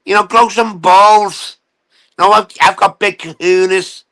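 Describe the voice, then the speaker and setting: A man with a fairly high, bright voice rants unscripted on a live stream, calling out and mocking someone who is not there. His comes through as he swears, repeats himself and takes his time. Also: fairly even intonation, measured pace, poor audio. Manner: taunting, profane and rambling. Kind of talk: ranting casual live stream.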